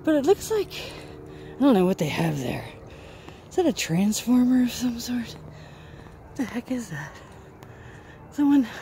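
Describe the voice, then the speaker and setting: A breathless woman films herself climbing a hill outdoors, chatting and laughing at herself along the way. Her voice is mellow, with a pitch that rises and falls a great deal. She speaks slowly, with a faint hiss of background noise. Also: vocal fry. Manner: chatty, self-mocking, talks to camera while hiking uphill. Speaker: vlogger. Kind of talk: casual walking vlog.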